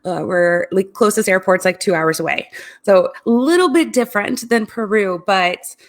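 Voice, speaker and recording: A woman from Ohio, a guest in an interview, talking in a friendly, relaxed way with casual fillers. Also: mid-range voice, moderate pace. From Ohio, United States. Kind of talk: interview conversation.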